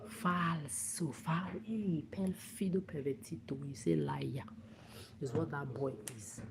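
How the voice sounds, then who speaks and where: A woman rants angrily on a livestream, swearing and repeating herself. Her voice sits low. A steady background noise is clearly heard under her. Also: takes it slowly. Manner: profane, repetitive, confrontational. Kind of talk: angry livestream rant.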